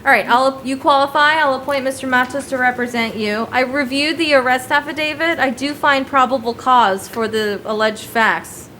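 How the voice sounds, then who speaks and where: Brisk high-voiced woman judge. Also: bright, forceful tone, slight background noise, low-quality recording. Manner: brisk, formal, businesslike. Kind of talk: court bond hearing. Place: courtroom with loud air vent.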